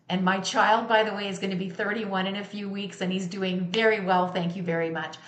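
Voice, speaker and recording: A woman's voice: fairly low pitch, roomy sound. A middle-aged woman giving a motivational talk as a sound healer, speaking candidly and emphatically, with blunt swearing.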